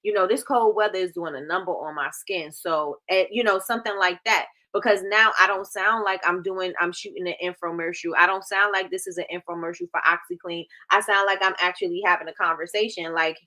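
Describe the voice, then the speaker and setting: A woman's voice: lowish voice, steady tone, brisk, hardly any pauses, pushed and bright. A woman hosting a livestream, quizzing viewers in a chatty, casual teaching manner, with plenty of "y'all" and "you know". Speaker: livestream host. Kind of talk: casual live-chat teaching.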